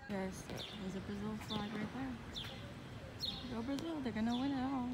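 Young female travel vlogger, a touch high-pitched, chatty and excitable, recorded outdoors with loud traffic behind. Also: moderate pace. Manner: chatty and excitable, laughing often. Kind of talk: casual vlog narration to camera. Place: outdoors on busy city streets. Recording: loud street noise outdoors.

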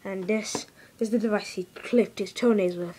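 Heavy background noise surrounds a woman's voice of medium pitch, steady tone and normal speed. The speaker is a young girl vlogging a playful home video tour in her bedroom, recorded on a camera mic, telling silly stories with mock-serious asides.

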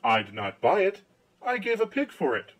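A man's voice: high-pitched, wildly swooping pitch, moderate pace, pitched above the performer's own voice, exaggerated voice, rough recording. A man voicing a simple, cheerful young man who is easily pleased, in an eager, naive manner.

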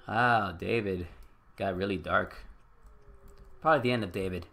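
A man's voice: low voice, normal speed, gravelly, a bit bright, slight background noise. Wry man commenting on a game. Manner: reactive, wry, swears. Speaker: gaming video host. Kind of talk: casual let's play commentary.

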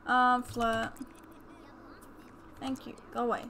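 A young woman chatting excitedly while commentating a life-sim game, gasping and exclaiming often. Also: fairly high pitch, slow, noisy background. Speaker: let's play host. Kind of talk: casual gameplay commentary.

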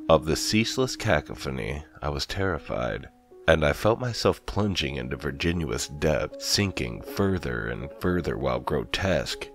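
A man's voice: a bass voice, gravelly. A man narrating a horror story in a grave, dramatic, scripted reading.

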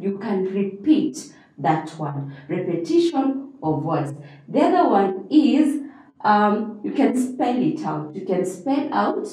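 Teacher woman, mellow tone, repeats key points and checks in with "okay?", heard from a distance. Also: medium pitch. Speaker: English teacher. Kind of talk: classroom revision lesson. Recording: echoey room, voice from a distance.

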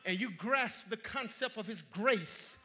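A man preaching a sermon as pastor, repeating phrases for emphasis and swinging from shouts down to near-whispers in a church sanctuary. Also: sits high, a little slow. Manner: repeats phrases for emphasis, half-sings lines.

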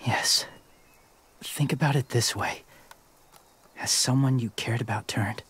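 An actor playing a calm, quiet man who lived among walkers, speaking softly and almost in a whisper. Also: mid-range voice, slow, breathy edge, exaggerated voice.

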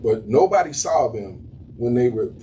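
Male pastor, casual pulpit talk, mid pitch, distant mic, faint room hiss. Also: lively intonation, moderate pace, dark tone. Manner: conversational preaching, repeats words as he builds. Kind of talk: sermon. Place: small church room.

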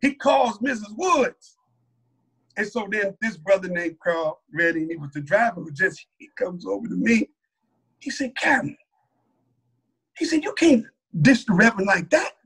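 A man with a high, bright voice and a husky edge tells his testimony as a story. He talks loosely and colloquially, with plenty of energy, and jumps into other people's voices as he goes. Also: measured pace, pauses often. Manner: animated, colloquial, acts out other people's lines. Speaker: mosque captain. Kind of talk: personal testimony told as a story.

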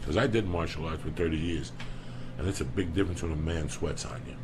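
A male podcast guest rambling through anecdotes. His voice is very deep and gravelly, with noticeable hiss behind it. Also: quick pace. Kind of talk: casual chat.

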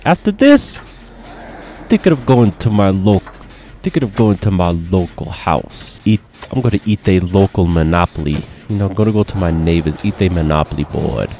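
A man giving casual gameplay commentary, excitable, profane and joking, with sudden yelps. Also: sits low, normal speed, a little hiss or hum. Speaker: gaming commentator.

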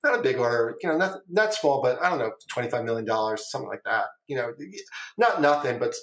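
A middle-aged former trader, appearing as a podcast guest, spins long rambling stories in a casual interview, repeating phrases and swearing offhandedly. His medium-pitched voice is fast, lively in intonation and fairly bright. The room is echoey.

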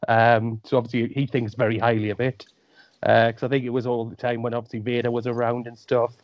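A man's voice: medium pitch, level tone, a little fast, no room sound. Chatty man with Geordie-Welsh accent. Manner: chatty, jokey, wry asides. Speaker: podcast guest. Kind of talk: casual chat. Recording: dry, dull lo-fi sound.

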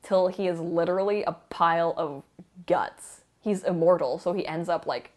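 A woman rambling casually about a book she loves, with an animated, gushing fan manner and frequent laughter. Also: lowish voice, normal speed. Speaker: book vlogger. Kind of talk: casual book review chat.

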